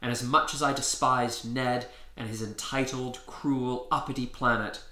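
A man reading his own story aloud in a lively storybook narration. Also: mid-range voice, unhurried, roomy sound. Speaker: author reading his book.

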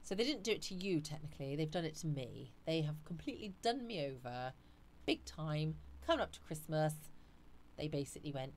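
A woman's voice: sits low, big pitch swings, fairly quick, a little hiss or hum. A woman hosting a live stream, chatting casually and reading viewer comments aloud.

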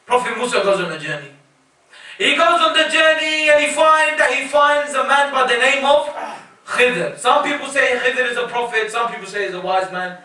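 A man's voice: extremely high pitch, lively intonation, moderate pace, bright, forceful tone. A man preaching a sermon with emphasis, putting rhetorical questions to his audience. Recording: echoey hall, voice from far off.

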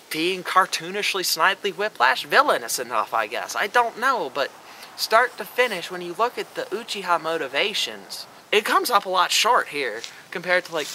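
A man's voice: a little high, sharp tone, slight background noise, poor audio. A man vlogging a ranting commentary, sarcastic and profane, mocking what he criticizes.

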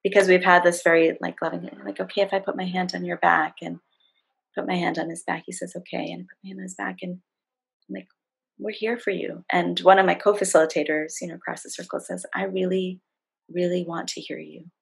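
A middle-aged woman with a lowish voice, husky and a little gravelly, tells a story over a video call. She slips into the voices of the people in her story as she goes. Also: fairly quick, poor audio. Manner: warm, animated retelling with acted-out quotes. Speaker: facilitator and guest. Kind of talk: storytelling in a conversation.

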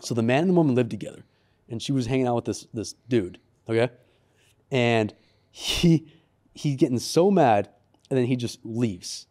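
A man with a mellow, relaxed voice tells a story in a casual podcast studio chat. He shifts into a raised, lively voice when he quotes the people in it. He sounds like a co-host among friends. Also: mid-range voice, moderate pace.

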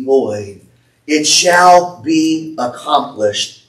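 A man preaching a prophetic sermon from the pulpit, slowly declaiming words he says he heard from the Lord. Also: a little high, a bit bright. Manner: slow, declaiming prophecy in the Lord's voice with rising intensity. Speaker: pastor. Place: church sanctuary. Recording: echoey church from far off.

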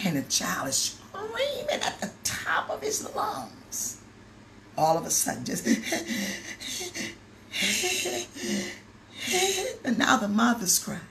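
A woman bishop preaching, telling a story with acted-out dialogue and building to loud exclamations. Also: very high voice, slow pace, gravelly, pauses often, slight background noise. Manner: animated storytelling, acts out dialogue, rises to exclamations. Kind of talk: sermon with storytelling.

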